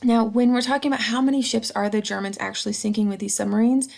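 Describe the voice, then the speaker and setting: A woman's voice: fairly high pitch, steady tone, quick pace, gravelly, a little mellow. A woman teacher giving a recorded history lesson, chatty and casual, checking in with a "right?" after each point. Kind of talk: recorded slideshow lecture.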